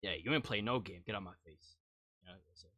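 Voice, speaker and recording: A man casually talking through a live-stream reaction, teasing his viewers, laughing and jumping suddenly from quiet to loud. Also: lowish voice, fast, no echo, lo-fi sound. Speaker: streamer reacting to music videos.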